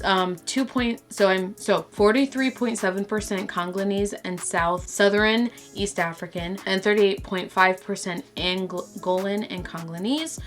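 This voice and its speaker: A woman from Brazil chatting excitedly to camera as a vlogger and stumbling over words. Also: medium pitch. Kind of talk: casual chat to camera.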